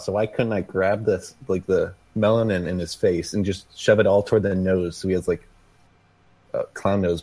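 Deep raspy guy rambling as a player in a tabletop game. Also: a little mellow. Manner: rambling, joking. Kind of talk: casual game chat.

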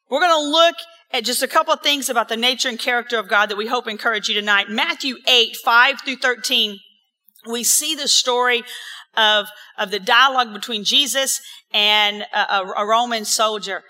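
A woman pastor giving an earnest, encouraging sermon in an empty auditorium, reading scripture slowly and repeating key words for emphasis. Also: a little high, pushed and bright.

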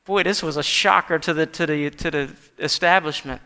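A man preaching a sermon in a church, animated and rising to shouts when he quotes scripture. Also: fairly high pitch, moderate pace, clean tone, big-room sound. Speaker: pastor.

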